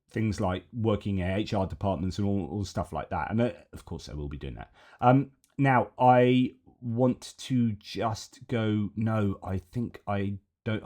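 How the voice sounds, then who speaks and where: Guy doing news commentary off the cuff, fairly low voice, reads a headline then chats about it. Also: warm tone. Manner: thinks aloud, reads headlines then adds opinions.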